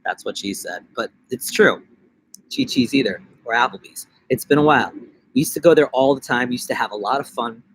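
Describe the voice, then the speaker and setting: Talking a little fast in a husky voice, a young man from New York chats on a laid-back live stream outdoors in his backyard. He rambles, cracks jokes and breaks into bursts of goofy high-pitched voices.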